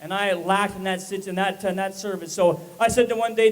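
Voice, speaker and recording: A man in his forties from Saskatchewan, Canada, doing energetic live stand-up comedy on a club stage and working up the crowd. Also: high-pitched, fast, poor audio.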